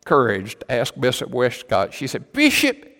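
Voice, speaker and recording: A man's voice: medium pitch, normal speed, big-room sound. A man preaching a sermon in a church as pastor, telling stories and then building to emphatic, repeated declarations.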